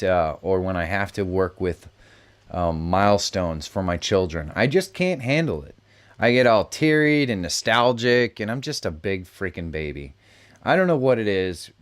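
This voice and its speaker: A middle-aged man hosting a live stream, chatting casually, reacting to messages and laughing often. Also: fairly low pitch. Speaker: live show host. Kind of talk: casual live-stream chat reading comments.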